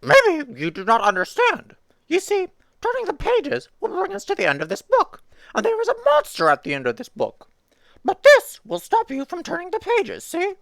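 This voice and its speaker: A woman voicing a furry male monster puppet from a storybook, anxious and pleading in a high, strained voice. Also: huge pitch swings, normal speed, creaky, dry recording, full character voice. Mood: panicked.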